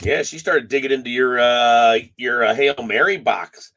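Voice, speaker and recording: A man's voice: medium pitch, normal speed, fairly bright tone. A man hosting a live card break stream, chatting casually, reading off names and teasing his viewers.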